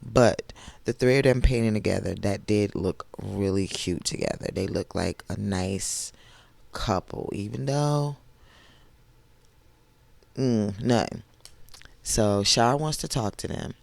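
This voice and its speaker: A man with a hoarse voice that has not fully recovered, recapping a reality TV episode in a chatty, gushing way with lots of asides. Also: on the low side, takes it slowly, long pauses, dry recording. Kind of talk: casual TV recap commentary.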